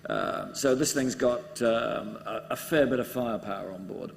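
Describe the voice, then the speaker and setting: Gravelly man talking on a convention panel. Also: mid-range voice, moderate pace. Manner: chatty, hesitant with many ums. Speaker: game developer on a panel. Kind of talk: casual panel presentation. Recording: echoey hall with faint background noise.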